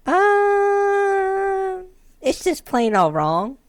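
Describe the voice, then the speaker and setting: Squeaky dumb hoofed animal guy on trial, blurts stuff, super high, dry mic. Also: wildly swooping pitch, extremely slow, no echo, heavily acted. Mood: blurting. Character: dim hoofed animal defendant, male, blunt. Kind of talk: improvised comedy role-play.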